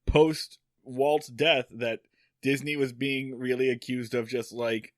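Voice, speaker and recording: A man's voice: medium pitch, steady tone, slow pace, no echo, clean studio sound. A man co-hosting a podcast in casual chat, wry and joking, full of fillers. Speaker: podcast co-host.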